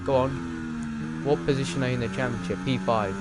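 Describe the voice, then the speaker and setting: A young man streaming a racing game live, talking to the other drivers and calling his own laps in excited commentary. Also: on the high side, moderate pace, heavy background noise.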